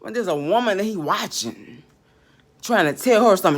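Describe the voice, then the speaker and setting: A woman vlogger delivering a rambling, profane monologue that swings between quiet muttering and angry shouting. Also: mid-range voice, expressive, moderate pace.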